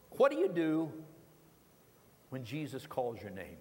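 A man preaching a sermon in a church, dramatic with repeated phrases and sudden hushed drops. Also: mid-range voice, huge pitch swings, a little slow, long pauses, long reverb tail. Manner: dramatic, rhythmic repetition, sudden drops to quiet. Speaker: pastor. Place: church sanctuary.

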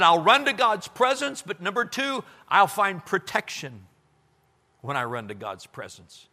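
A man with a high, lively voice preaches slowly and deliberately. He swings from ringing cries down to near whispers. His voice carries a long reverb from a large hall. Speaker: pastor. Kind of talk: sermon.

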